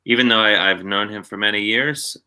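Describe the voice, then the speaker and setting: Brief: male guest, loose rambling chat, sharp bright tone. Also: fairly low pitch, a little fast, clear, resonant tone. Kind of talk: casual chat.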